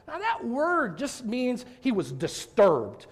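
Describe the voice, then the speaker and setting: A male pastor preaches with a lively, high-pitched voice that leaps all over the place. He talks in an animated way, repeating words as he restarts and throwing rhetorical questions out to his congregation. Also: a little slow, gravelly, few pauses. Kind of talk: sermon.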